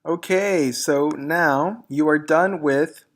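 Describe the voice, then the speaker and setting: A man teaching a recorded grammar lesson, speaking slowly and clearly and reading example sentences aloud. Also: a little high.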